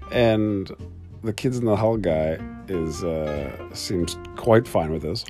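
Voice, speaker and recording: A man's voice: on the low side, a little mellow. A man hosting a casual solo podcast, rambling and swearing with frequent laughs while he walks around his studio. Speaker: podcast host.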